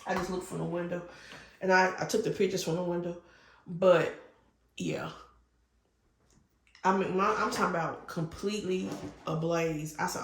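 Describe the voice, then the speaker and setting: Woman, middle-aged, gravelly voice, rambling casual chat, echoey room. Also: fairly low pitch, moderate pace, pauses often. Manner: rambling, chatty storyteller with fillers; gets loud and excited when retelling a scare. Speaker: crafting channel host. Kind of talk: casual chat while crafting. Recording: echoey room with faint noise.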